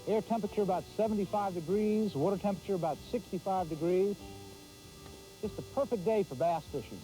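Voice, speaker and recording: A man hosting a fishing show, giving folksy live commentary from a boat on a pond and exclaiming loudly. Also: high voice, a little fast, soft background music, rough recording.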